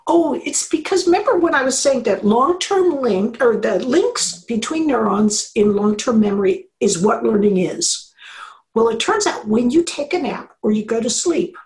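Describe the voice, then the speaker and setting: A woman's voice: fairly high pitch, moderate pace, rough recording. A middle-aged woman, an engineering professor, explaining in an interview and acting out little quoted voices. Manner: animated explainer, acts out quotes. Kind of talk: conversational interview.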